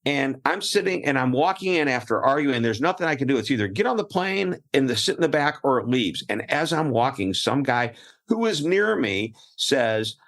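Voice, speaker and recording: A man's voice: medium pitch, big pitch swings, normal speed, a bit bright. A middle-aged man, a guest speaker in a casual chat, telling anecdotes and laughing often.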